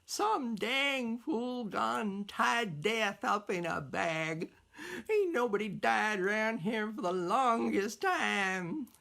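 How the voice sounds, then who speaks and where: A worn-out ancient crone from a spoken folktale wails high and slow, her voice tearful and stretched thin, as a woman storyteller puts her on. Each word drags out of her in a creaky quaver. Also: expressive, a bit bright, heavily acted. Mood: exasperated. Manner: wailing, drawn-out, tearful. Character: weary ancient woman who cannot die.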